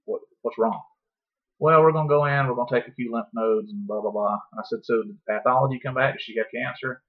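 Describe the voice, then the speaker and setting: A man telling a long story in casual podcast talk, profane and animated, acting out his own past words. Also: medium pitch, quick pace. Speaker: podcast guest. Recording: dull lo-fi podcast audio.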